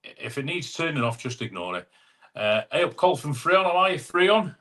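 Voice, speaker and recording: A man's voice: on the high side, big pitch swings, brisk, sharp tone. Guy chatting live to viewers, clip mic, easygoing, calls everyone mate. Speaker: livestream host. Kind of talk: casual live chat reading viewer comments. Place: home room. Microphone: wireless clip-on mic.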